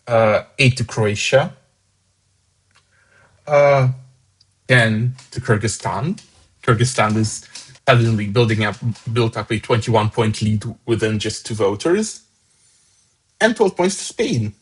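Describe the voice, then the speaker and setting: A man's voice: fairly low pitch, slightly rough, poor audio. A man hosting a fan song contest, casually reading out each voter's points with chatty asides. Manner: casual, chatty, upbeat about scores. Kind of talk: live commentary reading out votes.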